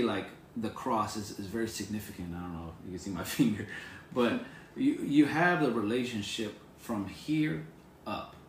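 A man's voice: on the low side, roomy sound, slight background noise. A man preaching an informal devotional sermon to viewers on camera, earnest and encouraging, repeating his phrases. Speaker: pastor.

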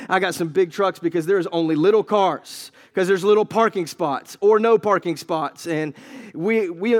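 A man with a notably high voice delivers a sermon. He chats through anecdotes in an easy way, then presses scripture with rising force. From United States. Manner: storytelling, building to emphatic preaching. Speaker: pastor.

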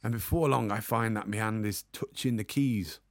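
A man telling a comic anecdote as a podcast guest, acting out the people in his story with lively energy. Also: fairly low pitch, moderate pace, very noisy. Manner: animated storyteller, acts out the other people in the story.

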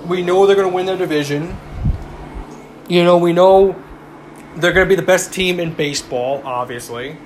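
A man's voice: high voice, moderate pace, pauses often, slight background noise. A young man ranting heatedly about baseball, mocking rival fans and swearing. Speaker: sports commentator. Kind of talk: casual sports rant.

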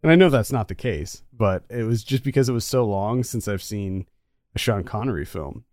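A man co-hosting a casual movie review chat, talkative and quick to laugh. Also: fairly low pitch, expressive, a little mellow, no echo, studio quality. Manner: chatty, laughs easily. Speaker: podcast co-host.

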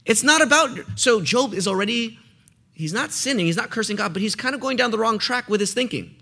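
A man's voice: sits high, animated, a little fast, bright, forceful tone. A man preaching a sermon, walking through a passage and asking his listeners questions to fill in the blanks. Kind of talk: sermon teaching.

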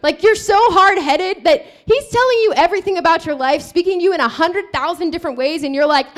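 A woman with a high voice preaches with animated energy. She retells a scripture story and acts out the dialogue herself, jumping between the voices. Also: a little fast, few pauses. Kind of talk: sermon.

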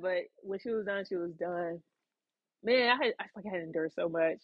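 Woman host, loose chatty monologue full of fillers and restarts; breathy tone, close and dull. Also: on the low side, fairly quick, no echo. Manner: rambling, frequent fillers and restarts, acts out quotes. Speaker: podcast host. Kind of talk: casual storytelling monologue.

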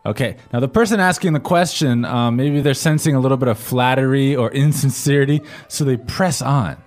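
A man's voice: medium pitch, fairly quick. A man co-hosts a podcast language lesson in a mid-range voice. He keeps things moving with prompting questions and plain-English recaps. Light music plays faintly underneath. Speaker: co-host.

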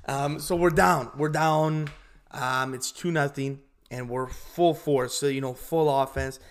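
A young man hosting a podcast, chatting casually and telling stories in an animated way. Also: a little high, a little slow. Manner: animated storytelling with laughs. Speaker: podcast host. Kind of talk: casual interview chat.

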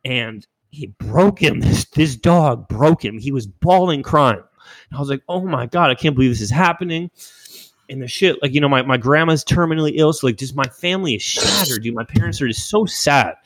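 A man's voice: medium pitch, lively intonation, moderate pace, no room sound. Young man telling a sad story. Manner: rambling, emotional storytelling with frequent swearing. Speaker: podcast host. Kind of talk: casual chat.

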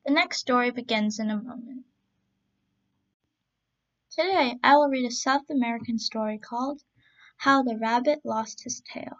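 A woman storyteller reading children's stories aloud in a slow, gentle storybook manner. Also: on the high side. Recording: dull lo-fi recording.

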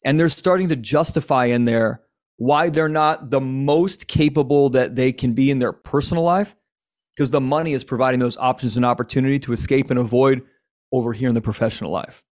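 A man's voice: mid-range voice, a little fast. Candid man, dull lo-fi audio. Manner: candid, swearing, animated with lists. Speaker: podcast host. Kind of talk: casual conversation on men's lives.

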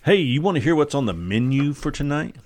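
A man's voice: a little high, animated, brisk. A man hosting a podcast in casual chat, rambling and jokey with lots of fillers. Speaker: podcast host.

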